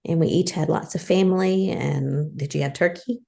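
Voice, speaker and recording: A woman hosting a podcast in casual chat, hoarse with a frog in her throat, chatty and conversational. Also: moderate pace, warm tone. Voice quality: deep and husky. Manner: chatty, conversational, many restarts. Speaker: podcast host.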